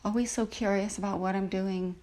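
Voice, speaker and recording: A woman's voice: medium pitch, steady tone, a little fast, darkish tone. A woman hosting a podcast, telling a personal story in a reflective, emotional way, with many fillers and restarts. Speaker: podcast host. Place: lives in a big city with a rooftop terrace.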